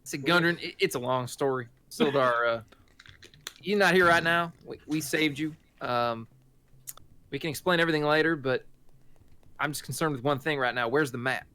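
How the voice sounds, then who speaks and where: Slightly high-voiced male player, hesitant, casual. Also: normal speed, sharp tone, smooth. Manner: hesitant, restarts often. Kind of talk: casual game-table talk.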